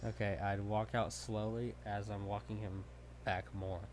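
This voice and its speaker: In a casual game chat, a male player works through a hypothetical scenario, answering tersely and laying out his moves deliberately, step by step. His voice is lowish, level in tone and a little mellow.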